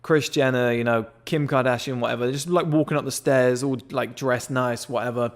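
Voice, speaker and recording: A young man telling a rambling, excited story in casual chat, swearing often and filling with "like" and "whatever". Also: medium pitch, fairly quick. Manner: excitable, swears a lot, rambling with many fillers. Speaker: members club founder telling a story.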